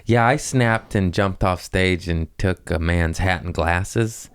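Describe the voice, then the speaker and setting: Deep-voiced man with blunt banter. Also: slow, clear, resonant tone, no echo. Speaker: comedian. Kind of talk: casual podcast chat.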